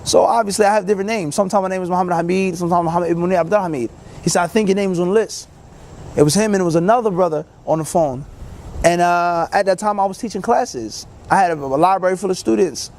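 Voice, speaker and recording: A man, an Islamic teacher, telling a personal story in a casual, animated way and acting out other people's lines. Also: sits high, fast talker, a little hiss or hum. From United States. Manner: casual, many fillers like "you know".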